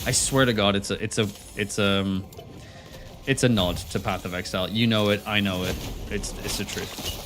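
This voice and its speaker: A man's voice: lowish voice, steady tone, moderate pace, noisy background. A man streaming a game live, talking to himself in a rambling, playful way. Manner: rambling, playful self-talk. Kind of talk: live gameplay commentary. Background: game music.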